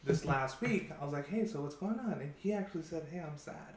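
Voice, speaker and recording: Male therapist telling client stories, mid pitch, echoey room, faint hiss. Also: animated, fairly quick. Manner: storytelling, acts out quoted dialogue. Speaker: therapist working with high schoolers. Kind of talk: casual panel chat. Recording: roomy studio with faint background noise.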